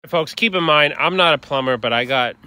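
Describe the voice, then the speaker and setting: A man's voice: a little high, brisk, background noise. A man hosting a homestead channel, talking outdoors through a casual do-it-yourself how-to and explaining each step with frequent ums. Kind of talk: casual DIY how-to vlog. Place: outdoors by a wood boiler after snowfall.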